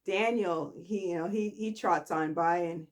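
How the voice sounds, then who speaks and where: A woman casually recapping a soap opera, chatty and animated, acting out the characters' lines. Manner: chatty, slow, acts out characters' lines with big pitch jumps. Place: at home.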